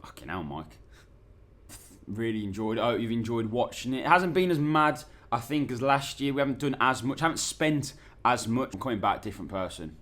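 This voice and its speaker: A man's voice: mid-range voice, lively intonation, fairly quick, fairly bright tone. A young man, talking in a chatty, rambling and sweary way in a casual travel vlog. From England. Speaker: vlogger.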